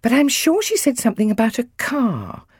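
A woman doing a flustered high-voiced mum. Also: wildly swooping pitch, normal speed, a little mellow, breathy edge, dry recording, clean studio sound, exaggerated voice. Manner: anxious, fussing. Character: flustered mum sorting out Christmas presents.

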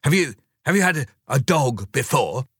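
A man's voice: mid-range voice, sing-song, fairly bright tone, breathy edge, no echo, studio quality, pitched above the performer's own voice, exaggerated voice. A man voicing a stern, fussy male dog who interviews would-be owners, in a storybook reading. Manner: stern, chuckling, drawn-out growls.

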